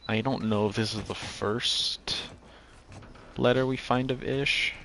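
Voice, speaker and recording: A man's voice: medium pitch, fairly even intonation, slow, noisy background. A man giving rambling let's-play commentary as he plays a video game, often restarting his sentences. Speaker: gaming video host.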